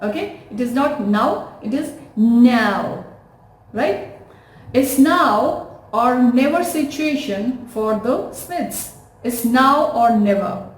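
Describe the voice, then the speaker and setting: A woman's voice: high voice, animated, slow pace. A woman with an Indian English accent teaching English pronunciation, spelling words letter by letter and repeating them. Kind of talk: slow, deliberate instructional talk to camera. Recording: echoey room.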